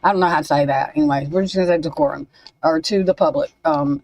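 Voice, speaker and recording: A woman's voice: low-pitched, fast talker, a little mellow, no room sound, rough recording. A woman reading spiritual cards on a casual livestream, scattered and swearing under her breath as she talks to herself. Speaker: spiritual card reader. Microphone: desk microphone.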